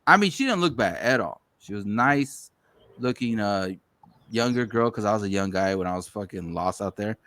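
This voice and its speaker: A man's voice: fairly low pitch, lively intonation, moderate pace, a bit bright, dry recording. A man hosting a podcast, telling stories in casual chat, swearing freely and acting out other people's lines. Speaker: podcast host.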